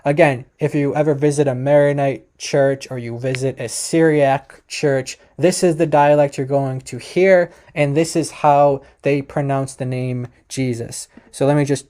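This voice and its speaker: A man giving a casual explanatory talk as presenter, halting often with fillers and restarts. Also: medium pitch, steady tone, mellow.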